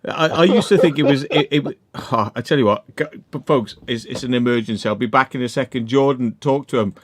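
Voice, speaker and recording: A man's voice: mid-range voice, fairly quick. A man hosting a livestream over a video call, giggly and rambling, swearing through casual banter. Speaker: livestream host.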